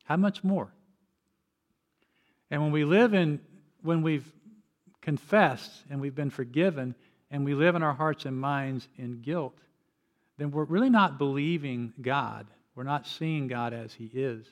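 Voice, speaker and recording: A man's voice: a little high, a little slow. An older man preaching a sermon as pastor, telling personal stories in an earnest way with frequent restarts.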